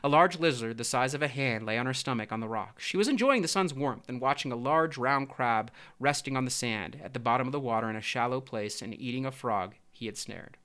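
A man narrating a storybook in a steady, measured way. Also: medium pitch. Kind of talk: storybook reading.

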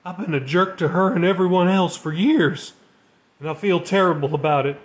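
A man's voice: sits high, moderate pace, voice pushed up, lightly acted. A man voicing a demoted navy sailor who speaks plainly and shakily with regret in a storybook reading. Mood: resigned. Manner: plain-spoken, slangy, shaky with regret. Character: remorseful demoted male navy sailor, gruff.

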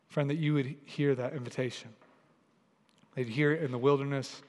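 A man preaching a sermon and leading a prayer in a large church, in an earnest, repetitive cadence that grows softer in prayer. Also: medium pitch, steady tone, fairly quick, pauses often. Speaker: pastor. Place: large church hall with a congregation. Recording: long reverb of a large church hall.

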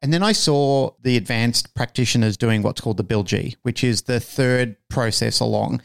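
A man's voice: medium pitch, normal speed, vocal fry. A man co-hosting a podcast, telling a story casually and animatedly, swearing freely and acting out the lines he quotes. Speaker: podcast co-host.

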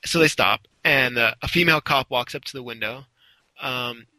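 A man's voice: mid-range voice, normal speed, sharp tone, no room sound, poor audio. A man casually telling a long story, rambling a little and acting out the quotes. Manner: rambling, with restarts and acted-out quotes.

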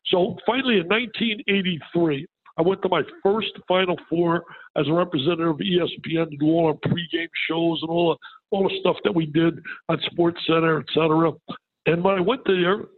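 An older man tells his stories with energy and acts out the quoted voices. His voice is husky and a little high. It comes over a thin, phone-like line. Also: brisk. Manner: animated, energetic storytelling with quoted dialogue. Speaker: guest, basketball broadcaster. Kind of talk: storytelling interview.

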